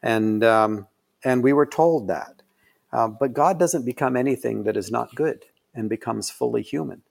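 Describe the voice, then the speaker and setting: A man's voice: mid-range voice, normal speed, creaky. A middle-aged man telling a story in casual conversation, rambling with lots of fillers and restarts. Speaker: guest.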